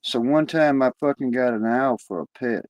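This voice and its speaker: A man's voice: medium pitch, moderate pace, darkish tone, no room sound, poor audio. Crude joke-telling man, rambling, cursing, dry close sound. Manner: profane, rambling, drawling. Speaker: joke teller.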